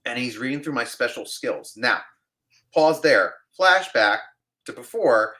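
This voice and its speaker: A man from New York, an actor, telling an animated story in a casual interview and acting out the people in it. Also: mid-range voice, unhurried. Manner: animated storyteller, acts out other people's voices.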